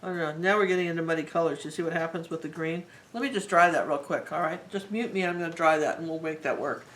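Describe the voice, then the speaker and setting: A woman's voice: low-pitched, fast talker, rough recording. Chatty woman teaching a painting class. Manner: chatty, rambling and warmly enthusiastic. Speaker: art teacher. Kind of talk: live painting tutorial.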